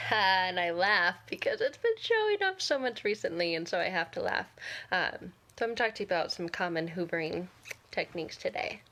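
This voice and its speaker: A woman's voice: lowish voice, lively intonation, a little fast, bright, forceful tone, a little hiss or hum. A woman vlogger talking casually to camera, candid and sarcastic, often laughing.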